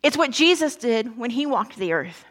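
A woman preaching a sermon in a relaxed, conversational way, telling the story with lively asides to her listeners. Her voice sits a little high. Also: normal speed.

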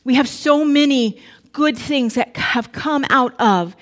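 A woman pastor preaching in a relaxed, conversational way. Her voice is slightly high, and she mixes storytelling with quick joking asides to the congregation. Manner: casual storytelling with asides and humor. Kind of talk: sermon.

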